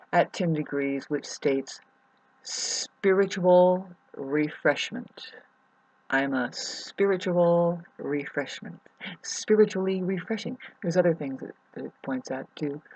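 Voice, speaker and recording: A woman with a husky, breathy voice rambles to her camera, tired from lack of sleep. She swears freely and swings between quiet murmuring and sudden loud outbursts. The sound is dry and close. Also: low voice, no room sound, rough recording. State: sleep-deprived. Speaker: vlogger. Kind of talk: rambling personal monologue to camera.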